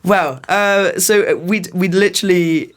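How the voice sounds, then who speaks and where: A young man in his twenties, a podcast guest talking in a relaxed, hesitant way with lots of ums. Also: sits high, slow pace. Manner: easygoing, hesitant with many ums, laughs often. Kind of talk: casual chat.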